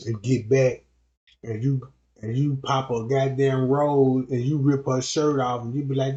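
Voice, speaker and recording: A man's voice: medium pitch, level tone, unhurried, mellow. A man streamer telling profane, rambling comedic stories in a livestream rant. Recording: dull lo-fi stream audio.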